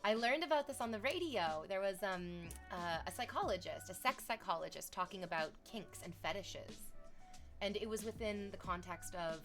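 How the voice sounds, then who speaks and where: A woman's voice: medium pitch, expressive, moderate pace, soft background music. A woman streamer chatting casually and sarcastically, reading chat messages aloud.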